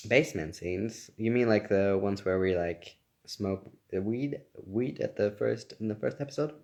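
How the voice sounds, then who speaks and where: A young man, and his speaking voice sits a little low. He chats loosely on a phone livestream, reading out fan comments and breaking into laughter often. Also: moderate pace, a little mellow. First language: German. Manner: laughs often, reads comments aloud, playful. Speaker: actor answering fan questions. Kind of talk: casual livestream chat.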